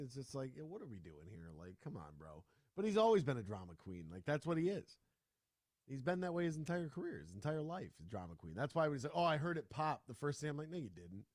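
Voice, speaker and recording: A man's voice: mid-range voice, no echo, studio quality. A man hosting a sports radio talk show, chatting casually and ranting with lots of restarts. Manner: animated, ranting, full of restarts.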